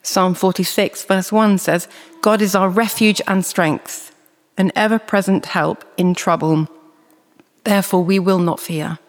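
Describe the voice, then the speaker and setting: Preacher, sermon, earnest, measured delivery, mid pitch, long hall reverb. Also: fairly even intonation. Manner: measured, earnest, reads scripture slowly.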